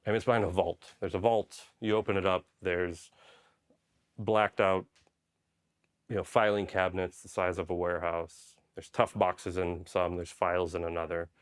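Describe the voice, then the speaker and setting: A man's voice: sits low, level tone, normal speed, clear, resonant tone. A man from Poland, a Special Forces medic, telling stories casually in an interview, rambling with lots of "like" and "right?".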